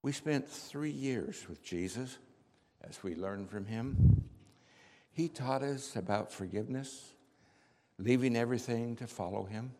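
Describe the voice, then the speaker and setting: Guy playing peter, earnest and impulsive, slow storytelling with a long echoey hall sound. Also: mid-range voice, lightly acted. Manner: heartfelt storytelling, rising to shouts. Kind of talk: dramatic first-person monologue.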